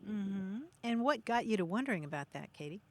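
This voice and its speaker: A woman's voice: medium pitch, lively intonation, a little fast. A woman from Kentucky co-hosting a radio talk show, asking callers friendly questions and explaining word pronunciations.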